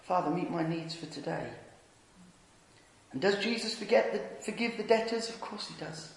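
A preacher with a fairly high voice delivers an earnest sermon, telling stories and sinking to a near-whisper on tender points. His words ring around a large church, with a long reverb trailing each phrase. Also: normal speed, creaky. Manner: earnest storytelling, dropping to a hush on tender points. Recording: echoey church hall.

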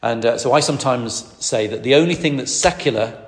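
A middle-aged man preaches at a middle pitch. He speaks emphatically, often repeating words and restarting phrases. His voice carries the long reverb of a large hall. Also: a little fast. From Lancashire, England. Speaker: preacher, ordained minister. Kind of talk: sermon.

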